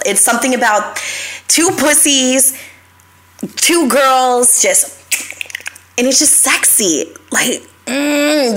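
A woman's voice: on the high side, a bit bright. A young adult woman hosting a live show, telling stories in a casual, confessional way, swearing freely and talking straight to her listeners.

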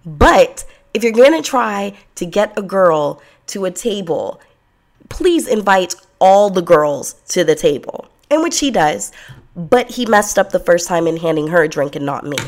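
A woman's voice: fairly low pitch, big pitch swings, measured pace. Blunt, profane young woman telling stories. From Los Angeles. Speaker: storyteller. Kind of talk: candid personal storytelling.

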